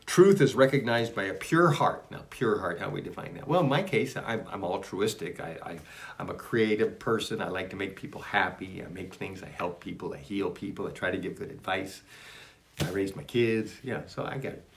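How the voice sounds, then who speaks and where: A man with a low, slightly creaky voice reads his own spiritual writings aloud at a somewhat quick pace. He muses on each line as he goes, rambling and interrupting himself in a casual blend of reading and reflection.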